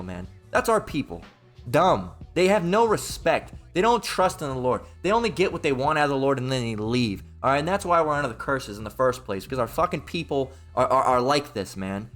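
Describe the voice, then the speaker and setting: Heated, profane Southern preacher. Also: male voice, fairly high pitch, big pitch swings, a little fast, a bit bright, faint music behind. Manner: reads scripture then rants. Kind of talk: informal Bible teaching sermon.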